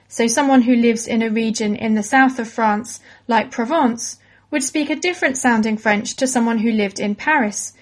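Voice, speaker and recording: A woman explains things to young listeners in a clear, encouraging teacher's manner. Her voice sits a little higher than most. She reads a script at an even, unhurried pace. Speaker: presenter of a children's educational podcast. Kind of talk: scripted educational narration for children.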